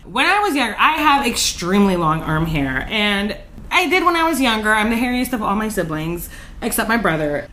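A woman in her late twenties chats on a podcast with a bright, forceful tone at an ordinary pitch. She tells her stories with lively swearing and frequent laughs. A faint hum of noise sits behind her. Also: a little fast. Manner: animated, profane, laughs often. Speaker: podcast co-host. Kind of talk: casual chat, storytelling.

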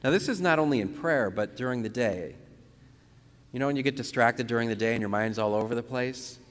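Male priest leading guided prayer, slow and calm, long reverb on the recording. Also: medium pitch. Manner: slow, calm, repeats phrases with pauses for breathing. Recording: long reverberant room sound.

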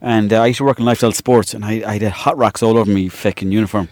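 A man's voice: fairly low pitch, steady tone, racing, darkish tone, dry recording. Rambling Irish man swapping stories. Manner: rambling, swears freely, laughs through his stories. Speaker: guest, actor and comedian. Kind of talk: casual anecdotal storytelling.

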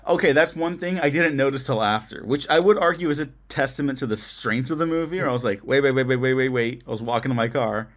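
A man's voice: medium pitch, fast, hardly any pauses, fairly bright tone. A man co-hosting a casual film review podcast, earnest and profane, laughing often as he recounts his own reactions.

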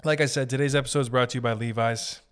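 A man's voice: medium pitch, fairly even intonation, quick pace, fairly bright tone, clear, resonant tone. A young man hosting a podcast, rambling through a comedic monologue, interrupting himself often and swearing casually. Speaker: podcast host.

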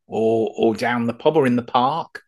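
A man's voice: medium pitch, normal speed. A man co-hosting a podcast, chatting casually with jokey asides and frequent hesitant ums. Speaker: podcast co-host. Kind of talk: casual chat about old TV.

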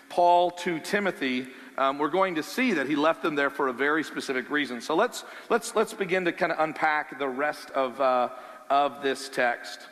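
A pastor preaching a sermon in an animated, conversational way, asking the listeners questions. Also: male voice, fairly high pitch, in a large hall.

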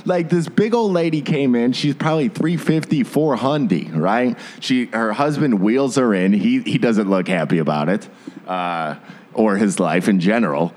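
A man's voice: mid-range voice, moderate pace, a little mellow. A man in casual banter with a friend, joking and slangy, often saying dude and bro.

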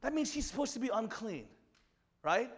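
Male preacher with a high voice, lively storytelling sermon, acts out each character. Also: moderate pace, slightly rough, big-room sound. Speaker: pastor.

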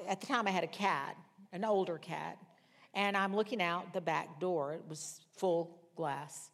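Older woman, Bible study teacher, lowish voice, animated chatty storyteller with big jumps in pitch. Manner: chatty, with self-mocking asides.

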